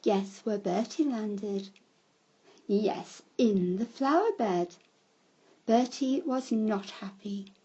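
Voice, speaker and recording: A woman telling a children's story in a slow storybook manner, breaking into shouted cries for the characters. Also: mid-range voice, husky, muffled recording.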